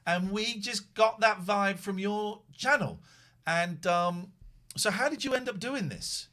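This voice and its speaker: A middle-aged man hosting a casual live show, chatty and excitable, rambling with frequent restarts. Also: sits high, measured pace. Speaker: show host.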